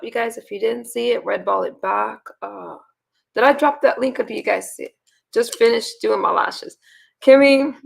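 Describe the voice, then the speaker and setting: A woman in her thirties, hoarse and raspy, chatting casually with her livestream viewers and rambling with sighs and fillers. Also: fairly high pitch, a bit bright. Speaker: livestream host.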